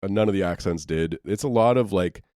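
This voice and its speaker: A man's voice: deep voice, brisk, dark tone, clean tone, no echo, clean studio sound. A man co-hosting a casual movie review podcast, talking in loose, rambling sentences full of fillers. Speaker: podcast co-host.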